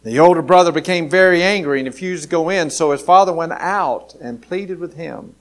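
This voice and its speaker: A Southern American man preaching in an easy, conversational way. His voice sits a little higher than most men's. He drives his points home by saying key lines twice. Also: a little fast. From Alabama, US. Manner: conversational preaching, repeats key phrases for emphasis. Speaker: pastor. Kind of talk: sermon.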